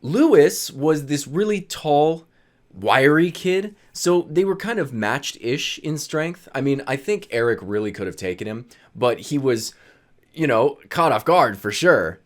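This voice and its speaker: Young man, animated storyteller, bouncy expressive pitch, acts out his friends, casual vlog. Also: measured pace. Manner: animated, laughs while telling, acts out friends' lines. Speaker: storyteller vlogger.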